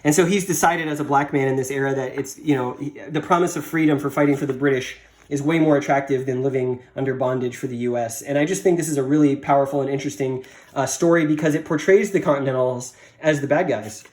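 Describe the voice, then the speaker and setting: A man's voice: mid-range voice, quick pace, a little mellow. A man casually reviewing comics, rambling with many fillers and restarts.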